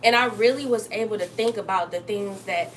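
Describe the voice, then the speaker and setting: A young woman hosting a casual livestream from her kitchen while she cooks, chatting straight to her viewers and jumping up high to greet them. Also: fairly quick, a bit bright, slight background noise. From Texas. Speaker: livestream host. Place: home kitchen.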